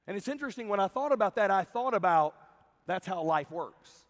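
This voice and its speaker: Animated high-voiced male preacher. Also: a little fast. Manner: animated storytelling, acting out dialogue. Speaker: camp preacher. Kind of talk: sermon. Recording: long hall reverb.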